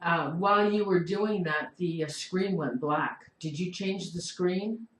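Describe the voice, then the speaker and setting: Calm woman host in an echoey room. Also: on the low side, a little slow. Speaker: show host. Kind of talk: live online show chat.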